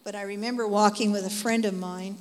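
A woman preaching a testimony sermon, telling her story in lively, animated bursts and repeating phrases for emphasis. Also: medium pitch, fairly quick. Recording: long hall reverb.

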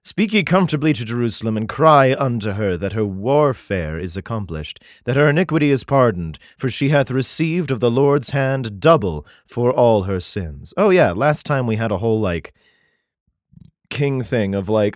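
A congested man reading old bible verses slowly and solemnly, then breaking off with profane, sarcastic asides and clearing his throat. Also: mid-range voice, lively intonation, dry recording, studio quality. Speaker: scripture reader and commentator. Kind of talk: bible reading with irreverent commentary.

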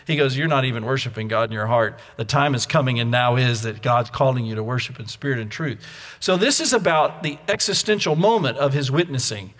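A man preaching a Sunday evening sermon, moving between loud emphatic lines and hushed, near-whispered ones. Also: medium pitch, fairly quick, long reverb tail. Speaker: pastor. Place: church sanctuary.

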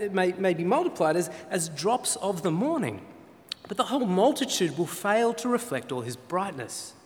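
Earnest preacher guy, voice rises and falls a lot, long echo like a big hall. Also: fairly high pitch. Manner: earnest, pausing often with fillers. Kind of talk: sermon. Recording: reverberant hall sound.

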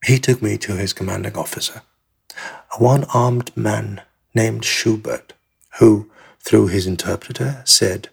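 A man reading a first-person memoir as an audiobook in a measured, plain storytelling manner. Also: on the low side, creaky, slightly rough. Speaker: memoir narrator.

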